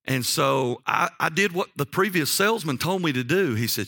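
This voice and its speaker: Man, sermon, folksy storytelling, forceful tone, dry close sound. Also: on the high side, normal speed, few pauses, no echo. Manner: animated, folksy, repeats "okay?". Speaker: preacher.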